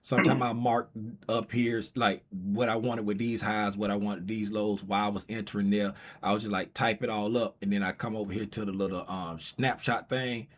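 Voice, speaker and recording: A man's voice: lowish voice, fairly even intonation, moderate pace. A man hosting a casual trading livestream, bantering and teasing his viewers in a loose, playful way.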